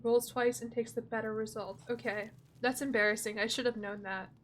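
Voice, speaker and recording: A woman's voice: fairly high pitch, steady tone, a little fast, a little hiss or hum. A young woman streamer chatting casually while she plays, giggly and self-deprecating. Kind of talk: casual gameplay commentary.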